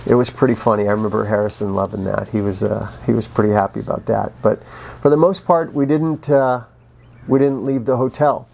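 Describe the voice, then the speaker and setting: Animated middle-aged man telling film stories. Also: medium pitch, gravelly. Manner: animated, acts out sounds with vocal effects; frequent restarts and pauses, laughs while telling. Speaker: actor telling behind-the-scenes stories. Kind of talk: casual anecdotal storytelling.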